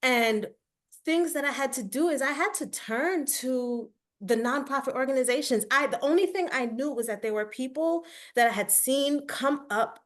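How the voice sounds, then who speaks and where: A woman's voice: sits high, moderate pace. A woman speaking as a parent on a webinar panel, telling her story candidly with feeling and acting out quoted dialogue. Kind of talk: personal account on a webinar panel.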